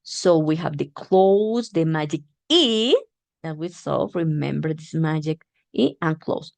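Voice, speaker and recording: A woman teacher giving a demo phonics lesson, patiently repeating words slowly and clearly and encouraging her learners. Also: sits low, a little mellow, no echo.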